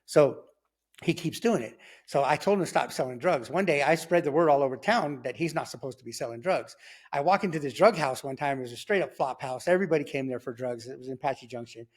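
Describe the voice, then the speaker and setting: A man's voice: fast, slightly rough. A man casually telling his own story in slangy talk, acting out sounds like gunshots as he goes. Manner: animated, slangy, acts out sounds like "boom" and "pow". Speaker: guest telling his testimony.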